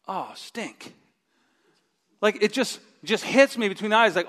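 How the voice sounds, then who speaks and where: A middle-aged male pastor preaching a sermon with a live stage demonstration, animated and acting out his own inner voice with groans. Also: high-pitched, fairly quick. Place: church sanctuary. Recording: long reverb of a large hall.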